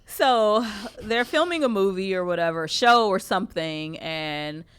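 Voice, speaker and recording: A woman's voice: medium pitch, lively intonation, unhurried, clear, resonant tone. Female radio co-host, casual and profane, tells stories between laughs, mid-range voice. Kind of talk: casual chat.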